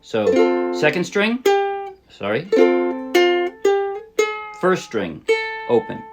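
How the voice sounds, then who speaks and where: A man teaching a ukulele song in a relaxed, casual way, thinking aloud and correcting himself as he plays. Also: mid-range voice, extremely slow, over loud music. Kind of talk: casual instructional talk. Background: ukulele playing.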